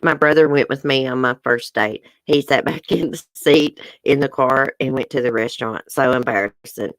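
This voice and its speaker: A woman's voice: a bass voice, moderate pace, no room sound. A middle-aged woman with a Southern US accent, hosting a casual livestream, chatty and laughing often as she talks to viewers. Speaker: livestream host. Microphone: webcam or phone close up.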